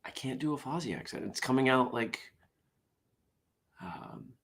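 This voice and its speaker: A man's voice: mid-range voice, big pitch swings, unhurried, vocal fry, fairly bright tone. A tired man hosting a casual morning show, reading jokes aloud in a wry, self-deprecating way. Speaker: host.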